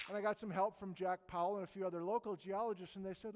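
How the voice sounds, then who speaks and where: A man's voice: high voice, fast talker, hardly any pauses, darkish tone. Enthusiastic geologist man in an echoey hall. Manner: enthusiastic, chatty storytelling with self-deprecating asides. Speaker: geologist lecturer. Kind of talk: informal geology talk.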